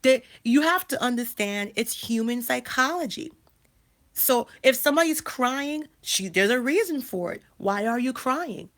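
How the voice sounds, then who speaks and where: A woman in her thirties talks straight to her viewers in a casual livestream. Her voice sits on the higher side. She speaks emphatically, repeats her key phrases and often restarts her sentences. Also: expressive, measured pace. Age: 30s. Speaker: life coach and channel host.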